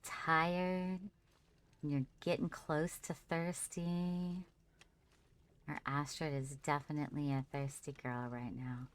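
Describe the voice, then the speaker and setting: Low-voiced woman chatting through gameplay. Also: slow pace. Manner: chatty, talks to her character and chat fondly. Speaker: livestreamer. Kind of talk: casual gameplay commentary.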